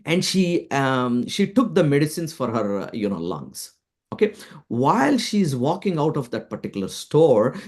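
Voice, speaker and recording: A man giving a spiritual talk as a teacher, telling a story with many fillers and repeating key lines slowly for emphasis. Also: on the high side, darkish tone. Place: Florida, near the listener's town.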